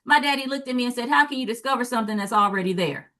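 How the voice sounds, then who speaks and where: Southern woman in her forties, bright forward tone, animated storyteller who acts out quoted voices. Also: on the high side, rapid-fire. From American South. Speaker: guest speaker, former teacher and parent. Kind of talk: storytelling in a talk show discussion.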